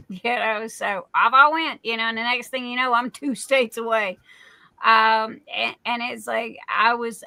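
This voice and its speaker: A woman's voice: on the high side, fairly even intonation, a little slow, gravelly, pushed and bright, dry recording. A middle-aged woman from Southern Arizona hosting a live stream, chatting casually and telling stories with laughs. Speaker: livestream host.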